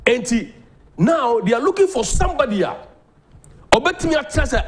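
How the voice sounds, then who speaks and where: A Ghanaian man hosting a political talk show, delivering animated commentary that mixes Twi and English. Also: very high-pitched, normal speed. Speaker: host.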